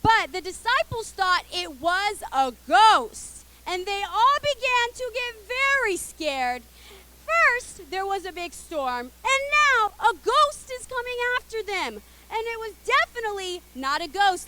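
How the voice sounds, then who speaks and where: A young woman tells a Bible story to the children she teaches, animated and playful, prompting them to shout out and join in. Her voice is very high-pitched, and the background is noisy.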